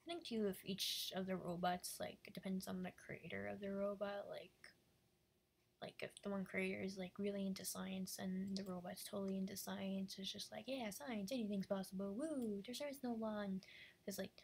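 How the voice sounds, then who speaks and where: A woman's voice: medium pitch, level tone, moderate pace, vocal fry, husky. A woman chatting casually and rambling while she draws live, full of fillers and often dropping into a half-whisper. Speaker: animator drawing live.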